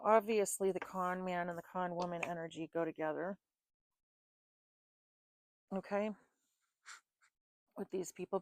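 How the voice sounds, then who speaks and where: A woman's voice: on the low side, no echo. A woman giving a casual tarot reading to her viewers, frustrated and swearing often, laughing at her own exasperation. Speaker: tarot reader.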